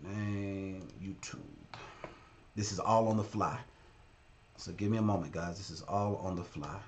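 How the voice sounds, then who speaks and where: A man's voice: sits low, steady tone, unhurried, slight background noise. A man hosting a casual live stream as a business consultant, talking straight to his viewers in a blunt, direct way. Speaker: livestream host and business consultant.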